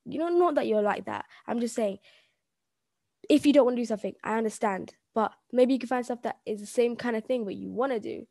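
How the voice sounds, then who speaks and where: A woman's voice: on the high side, fairly quick, gravelly, mellow, dry recording. A young woman co-hosting a casual chat, rambling and giggly as she shares homemade quotes. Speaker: podcast co-host.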